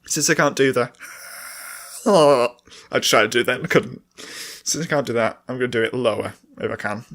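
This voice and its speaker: A young man talks on his own in a loose, rambling podcast chat, with his throat dry and sore. He often laughs at himself and wanders off topic. His voice sits at an ordinary middle pitch. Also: fast, fairly bright tone. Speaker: podcast co-host. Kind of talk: casual solo chat and singing along.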